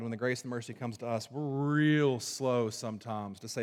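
A man preaching a sermon to a congregation, moving between forceful emphasis and hushed, low passages. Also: normal speed, hardly any pauses. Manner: dynamic preaching, swinging from loud emphasis to hushed low tones. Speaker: pastor. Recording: long reverb of a large hall.

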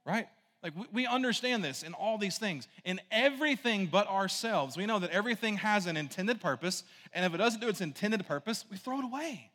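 A man's voice: high-pitched, lively intonation, a little fast, pushed and bright, in a large hall. A man preaching a conversational sermon, casual and rambling, full of asides and "right?" checks to the congregation. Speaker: pastor.

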